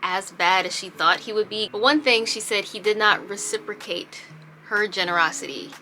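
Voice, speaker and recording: A woman telling a storytime on her home vlog, chatty and animated. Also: mid-range voice, normal speed, soft background music. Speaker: vlogger.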